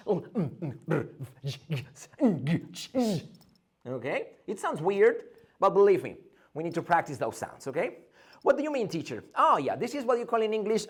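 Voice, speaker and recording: A man teaching an English pronunciation lesson, drilling sounds by repeating them and asking and answering his own questions. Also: high-pitched.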